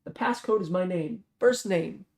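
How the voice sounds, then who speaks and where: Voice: mid-range voice, moderate pace, close to an everyday voice. A reader voicing a frightened young man who pleads and stammers for his life in a thriller novel read aloud. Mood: pleading. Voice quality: strained, stammering.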